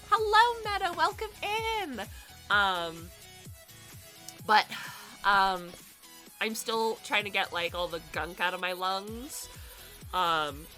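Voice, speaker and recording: A young woman streamer chatting casually and excitedly, a little out of breath and stuffy-nosed. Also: medium pitch. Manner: bubbly, chatty, excitable greetings. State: stuffy nose. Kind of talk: casual live-stream chat.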